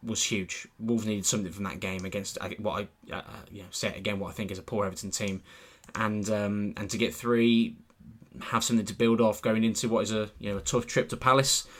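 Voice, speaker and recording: A man's voice: lowish voice, steady tone, fairly quick, fairly bright tone. A man co-hosting a football podcast, chatty and teasing with his co-host, laughing easily. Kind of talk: casual podcast chat.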